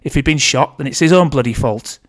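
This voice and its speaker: A man's voice: medium pitch, a little fast, natural voice. A man voicing a crotchety, bossy old grandmother who barks orders at her family in a read-aloud story. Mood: scolding. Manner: barking, scolding.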